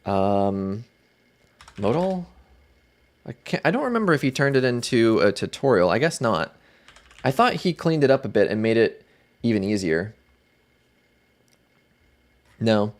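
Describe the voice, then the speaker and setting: A man hosting a casual livestream, chatting in a relaxed way and greeting viewers by name. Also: lowish voice, a little slow, long pauses. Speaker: livestream host.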